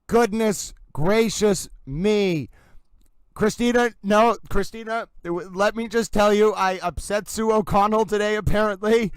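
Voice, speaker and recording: A young man hosts a casual livestream in a rambling, excitable way, sounding wired from caffeine. His voice sits high and comes across clean and resonant. The recording is dry and close, with almost no room sound. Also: measured pace, clear, resonant tone, dry recording, low-quality recording. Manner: excitable, rambling, chatty with laughs. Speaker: livestream host.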